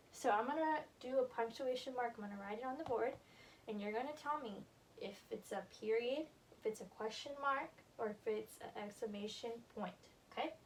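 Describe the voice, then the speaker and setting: A young woman teaching a classroom grammar lesson, encouraging and slow-spoken as she writes on the board. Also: on the high side, a little mellow. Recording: distant camera with faint room noise.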